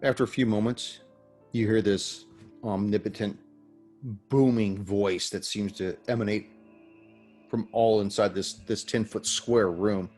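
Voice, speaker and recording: Low-voiced male game master. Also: steady tone, unhurried, a little mellow, faint music behind. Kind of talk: narrating a tabletop game.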